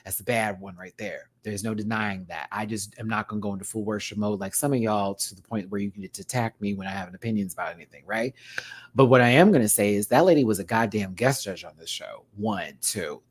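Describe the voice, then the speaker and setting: A man giving a casual, profane rant review as a vlogger. He swings from low muttering to loud exclamations and scats beats aloud. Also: quick pace, breathy edge.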